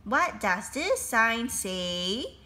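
A woman's voice: fairly high pitch, sing-song, pushed and bright, exaggerated voice. Woman voicing a pompous male headmaster. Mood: stern. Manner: slow, emphatic, putting on authority. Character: pompous male headmaster, trying to sound stern.

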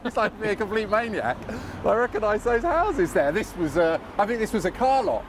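A man's voice: high voice, very animated, normal speed, hardly any pauses, background noise. Chatty English man on a street walk. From England. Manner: rambling, chatty, self-mocking. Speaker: walking tour guide. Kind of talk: casual walking tour chat. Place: outdoors on a city street.

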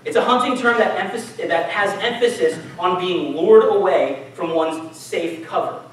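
A man's voice: high voice, moderate pace, fairly bright tone. Man preaching in an echoey hall. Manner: casual, conversational preaching with audience questions. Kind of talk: sermon. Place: church hall. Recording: echoey church hall, mic from far off.

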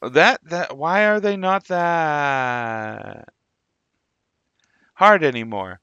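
A man's voice: on the high side, animated, extremely slow, long pauses, pushed and bright, clean tone, dry recording, muffled recording. A man hosting a gaming video, chatting casually and musing aloud with jokey asides as he plays. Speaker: gaming channel host. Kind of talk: casual gameplay commentary.

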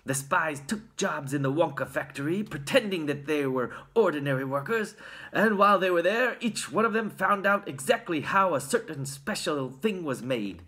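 A storybook reader voicing Grandpa Joe, a kindly old grandfather who tells secrets in hushed, conspiratorial tones. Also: mid-range voice, animated, normal speed, close to an everyday voice. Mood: telling.

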